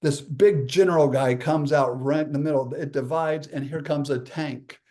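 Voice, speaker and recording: A man's voice: a little high, normal speed, dark tone. A man telling a story with energy as a guest, acting out the voices of the people in his anecdotes. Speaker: guest speaker. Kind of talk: animated storytelling.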